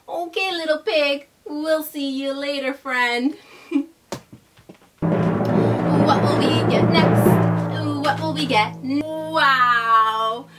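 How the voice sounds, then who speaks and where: A young woman hosting a toddler learning video, talking in a slow, exaggerated, sing-song way. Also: sits high, pushed and bright, far from the mic. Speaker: children's educational host. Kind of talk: teaching toddlers.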